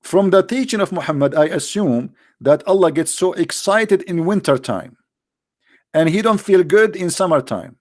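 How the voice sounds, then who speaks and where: A man's voice: sits high, animated, moderate pace, darkish tone. A man delivering a solo commentary monologue with a sarcastic, emphatic manner, speaking English with non-native grammar. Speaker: online debater.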